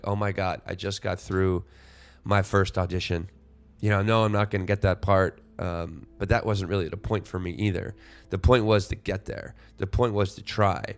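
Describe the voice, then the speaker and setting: Man, deep smooth voice, solo podcast host, loose rambling talk, faint music behind. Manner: rambling, many restarts and "you know" fillers.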